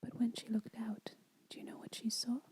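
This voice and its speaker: A woman whispering a children's story aloud as an ASMR storyteller, soft and unhurried. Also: a little high, flat delivery, breathy edge, low-quality recording.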